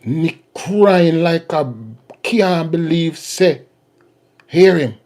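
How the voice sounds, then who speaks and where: A man's voice: on the high side, extremely slow, a little mellow. A man hosting a political commentary vlog and ranting in a mocking, repetitive way.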